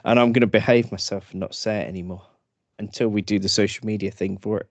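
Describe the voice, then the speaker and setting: A man's voice: on the low side, quick pace, dry recording, lo-fi sound. A man co-hosting a casual podcast, joking around, stammering into restarts and breaking into silly voices. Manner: animated, jokey, lots of stammered restarts and silly put-on voices. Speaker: podcast co-host. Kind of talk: casual chat.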